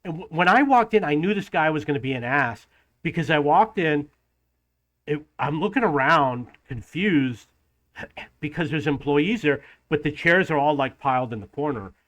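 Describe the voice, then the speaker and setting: Guy with a kinda high voice ranting in a vlog, fed up, acting out dialogue. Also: normal speed. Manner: exasperated, animated storytelling with acted-out dialogue. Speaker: travel vlogger. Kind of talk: casual ranting story.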